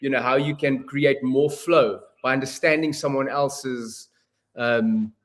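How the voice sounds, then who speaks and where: Measured South African man. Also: mid-range voice, steady tone. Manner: measured, agreeable, repeats phrases. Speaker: guest, performance consultant. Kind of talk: casual conversation.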